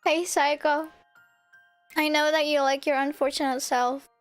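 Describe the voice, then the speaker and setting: A woman's voice: high-pitched, flat delivery, unhurried. An earnest, protective young male hero, read aloud by a woman streamer. He speaks firmly and with determination. Faint game music plays under the voice. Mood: gentle. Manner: earnest, determined, firm promises. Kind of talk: visual novel read-aloud.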